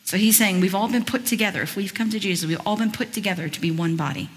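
A woman's voice: mid-range voice, fast, long reverb tail. A woman giving a sermon as a guest speaker, talking conversationally with chatty asides and reading scripture aloud with expression. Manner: reads scripture aloud in a lively voice. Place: church.

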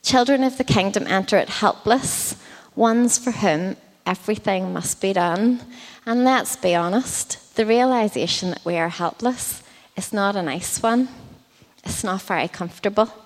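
A woman's voice: mid-range voice, measured pace. A woman preaching a sermon in a conversational way, with frequent ums and likes. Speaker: children's ministry leader preaching. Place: church hall. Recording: long church hall reverb.

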